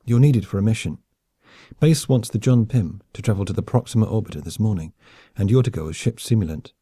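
A man's voice: fairly low pitch, a little fast, warm tone, slightly rough, no room sound, clean studio sound. A man voicing a smug, teasing dapper young male officer.

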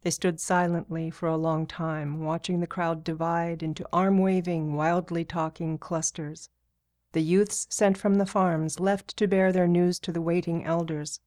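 A woman reading a novel aloud as narrator in a steady, even way. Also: lowish voice, measured pace. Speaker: audiobook narrator. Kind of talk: scripted narration.

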